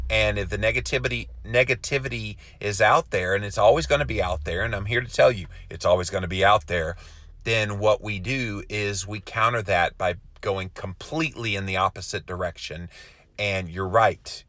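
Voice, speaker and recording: A middle-aged man with a Southern US accent talks through viewer comments in a relaxed, earnest, folksy way, humming little filler syllables between them. His voice is fairly low but bright and forceful, and the sound is close and dry. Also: no echo. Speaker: host reading viewer comments. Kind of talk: casual live-stream chat.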